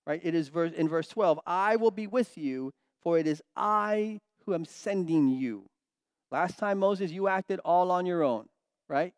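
A man teaching a Bible study, animated and emphatic, dropping to quiet asides between loud stressed points. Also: high-pitched, unhurried, smooth, no echo, clean studio sound.

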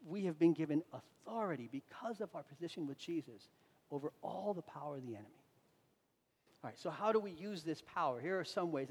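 High-voiced preacher in a reverberant hall. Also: male voice. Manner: dynamic preaching, swings between loud emphasis and quiet asides. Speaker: pastor. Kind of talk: sermon.

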